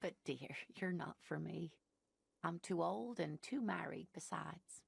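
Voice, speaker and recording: A doting, scatterbrained old lady from a video game, gushing with sweetness. Her voice is low-set, heavily creaky and husky, recorded close and dry. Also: a little slow, no echo, heavily acted. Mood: chatty. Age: older. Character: cheerful scatterbrained old married lady in a wheelchair.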